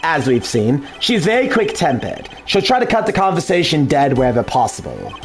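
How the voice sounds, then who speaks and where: A man voicing a composed, calculating male investigator who speaks in a measured, formal way. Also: fairly high pitch, wildly swooping pitch, soft background music, voice pushed down.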